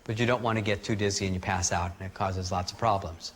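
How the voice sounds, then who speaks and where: Man calmly guiding breathing exercises. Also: sits low, quick pace, slight background noise. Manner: calm, guiding, demonstrates breathing aloud. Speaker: energy healing teacher. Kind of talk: instructional workshop teaching.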